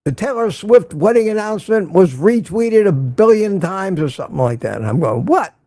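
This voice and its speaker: A man's voice: sits high, expressive, moderate pace, mellow, no echo. An older man hosting a casual morning livestream, greeting viewers by name and rambling sarcastically. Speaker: livestream host.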